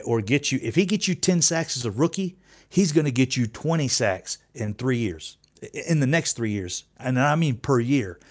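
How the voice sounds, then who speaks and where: Fifty-year-old man hosting a fan channel, chatty and profane, stumbles and restarts often. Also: mid-range voice. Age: 50s. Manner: rambling, profane, restarts sentences. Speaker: YouTube sports channel host. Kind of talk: casual fan commentary.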